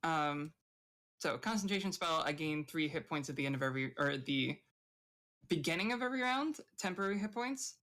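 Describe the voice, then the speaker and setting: A woman playing a tabletop role-playing game, talking hesitantly with many pauses and fillers. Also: sits low, animated, fairly bright tone. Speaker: player. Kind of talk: casual tabletop play.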